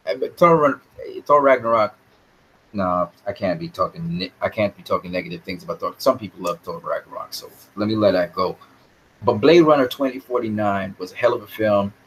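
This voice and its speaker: Rambling, opinionated man with a lowish voice. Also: fairly quick, slight background noise, poor audio. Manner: rambling, opinionated, repeats words. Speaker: live stream host answering chat. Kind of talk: casual live chat movie talk.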